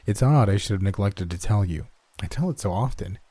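Brief: a man doing a low, husky-voiced asylum lunatic, vague and unsettling, for a horror reading. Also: lively intonation, fairly quick, warm tone, no room sound. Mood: rambling. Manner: vague, then suddenly ferocious. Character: unhinged male asylum inmate posing as doctor.

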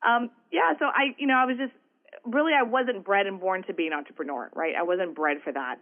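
Appearing as an interview guest, this Houston, Texas entrepreneur with a Southern accent is animated and chatty as she tells stories, frequently tossing in "right?" Her mid-range voice moves fairly quickly, and the sound is narrow and tinny.

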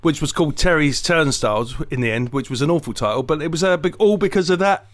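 A man's voice: a little high, fast talker, dry recording. A man, a comedian co-hosting a podcast, telling jokey, rambling stories, swearing and acting out voices. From England. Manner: animated, jokey, digressive, swears, acts out voices. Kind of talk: casual chat, comic storytelling.

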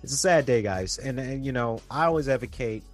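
A man's voice: mid-range voice, brisk, faint music behind. A young man earnestly giving relationship advice to his viewers in a casual, preachy monologue, repeating himself often.

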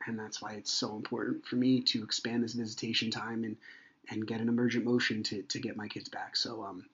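Husky-voiced man rambling on a podcast. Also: fairly low pitch, level tone, a little fast, a bit bright, dull audio. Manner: rambling, conversational, many fillers. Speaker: podcast host. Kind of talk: personal monologue, casual.

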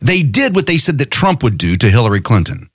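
A man's voice: medium pitch, very animated, fairly quick, no room sound, studio quality. An angry man hosting a podcast, delivering an impassioned, profane political monologue full of rhetorical questions. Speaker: podcast host.

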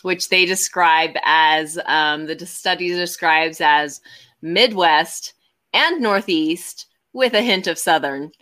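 A woman with a bright, forceful voice pitched a little low reads items off an article in a loose, casual way, full of fillers and quick laughs. She sounds like a co-host on a relaxed live stream. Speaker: co-host reading an article aloud. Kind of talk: casual chat.

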